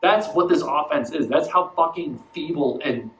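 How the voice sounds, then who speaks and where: A man's voice: a little high, moderate pace, a bit bright, roomy sound, rough recording. A man ranting about his baseball team in a casual vlog, profane and exasperated, acting out mocking voices as he goes. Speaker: baseball fan vlogger.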